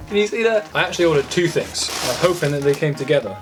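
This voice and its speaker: A young man, rambling excitably and swearing as he unboxes a parcel at home for his vlog. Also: a little high, a little fast. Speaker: photography vlogger. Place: at home by a desk. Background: background music.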